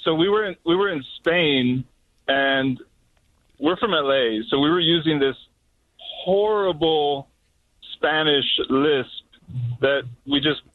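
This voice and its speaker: A man calling in to a radio show, telling a story in an animated, laughing way, heard over a tinny phone line. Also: a little high, slow, pauses often, dry recording. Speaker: caller.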